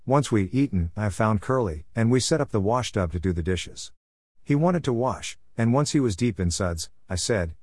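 A man reads a first-person audiobook in a low, steady voice, calm and measured. The recording is close and dry, with the room deadened. He keeps a patient, even firmness through the telling. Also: no echo. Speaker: narrator.

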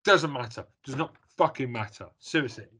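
A man's voice: medium pitch, moderate pace, bright, forceful tone, husky. Guy on a podcast, plain mid voice, blunt, swears a lot. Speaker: podcast co-host. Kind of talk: casual chat.

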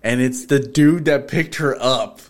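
A man's voice: mid-range voice, measured pace. A man in his thirties from Texas, hosting a podcast and telling stories in a casual, profane way, acting out the lines he quotes. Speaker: podcast host. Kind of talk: casual storytelling chat.

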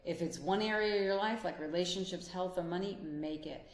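A woman with a somewhat low voice gives a motivational talk, speaking straight to the listener in an earnest, encouraging tone. She is a life coach and couples therapist. Her voice rings in a roomy, echoey space. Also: fairly quick. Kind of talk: motivational monologue.

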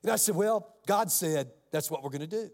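High-voiced animated preacher in a big hall. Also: male voice, fairly quick. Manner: animated, acts out other people's voices. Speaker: pastor. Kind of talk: sermon storytelling.

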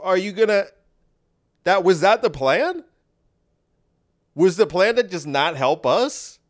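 Man playing an incredulous complaining guy, raised high voice, pleading questions. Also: lively intonation, takes it slowly. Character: exasperated man complaining he was left behind.

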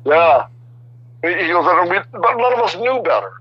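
An older man in his sixties chats as a guest, his stories full of restarts and sudden animation. His voice sits a little high. The audio is dry and somewhat dull, like a remote radio call. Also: moderate pace, husky, dry recording. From Chicago area. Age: 60s. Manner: rambling, animated, many restarts. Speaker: guest artist. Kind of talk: casual storytelling interview.

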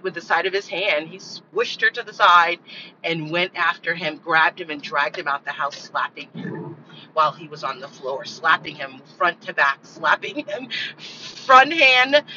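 A woman podcast host telling a personal story in a rambling, animated way, laughing often. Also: mid-range voice, a little hiss or hum. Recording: dull lo-fi recording.

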